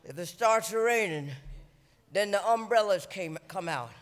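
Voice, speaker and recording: A man preaching a sermon to a congregation, shouting his exhortations. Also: sits high, lively intonation, measured pace. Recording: echoey church hall.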